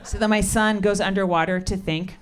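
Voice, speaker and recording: A middle-aged woman doing stand-up comedy with crowd work, deadpan, sardonic and profane. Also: mid-range voice, brisk, heavy background noise. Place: comedy club stage. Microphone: handheld stage mic. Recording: live club recording with crowd. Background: laughing audience.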